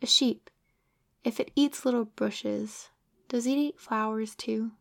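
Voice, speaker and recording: A woman's voice: on the high side, steady tone, slow, vocal fry. A woman voicing an earnest, persistent little boy prince from a tiny planet in a storybook reading, asking questions insistently. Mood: curious.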